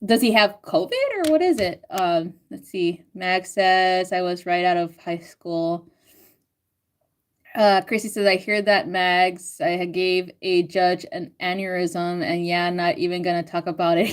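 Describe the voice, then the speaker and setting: Laughing, swearing woman chatting live. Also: on the low side. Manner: swearing, laughing, animated self-quotes. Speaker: astrology and tarot reader reading live chat. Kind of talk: casual live-stream chat.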